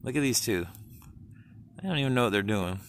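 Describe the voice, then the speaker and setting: A man's voice: mid-range voice, expressive, a little fast, slight background noise. A man talking to his cats outdoors in a casual vlog, cooing and baby-talking with playful jokes. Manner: coos and baby-talks to pets, playful jokes. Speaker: vlogger. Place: outdoors by a road and grass.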